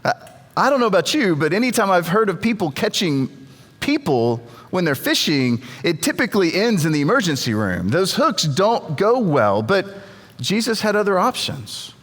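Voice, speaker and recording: A man's voice: high voice, big pitch swings, moderate pace, fairly bright tone. A man preaching a sermon as pastor, telling stories in a conversational way and often repeating words as he goes. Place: church. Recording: long reverb of a church hall.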